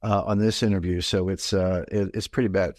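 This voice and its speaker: A middle-aged man from the mid-Atlantic US speaks as an interview guest, rambling and digressing with lots of fillers and restarts. His deep, fairly quick voice is a little mellow with little pitch movement. The studio recording is clean, with no echo.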